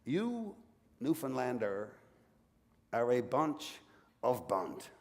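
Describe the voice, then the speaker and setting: A man's voice: mid-range voice, sing-song, slow pace, in a large hall, noisy background. A man doing an angry French-accented bar patron. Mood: insulting. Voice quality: thick, mocking put-on accent. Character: angry male Quebec bar patron, insulting.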